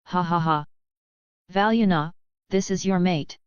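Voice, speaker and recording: A woman's voice: fairly low pitch, unhurried, clean tone, dry recording, natural voice. A woman voicing an ancient male dragon who speaks in a lofty, amused way. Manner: laughing, lofty. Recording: dull lo-fi audiobook audio.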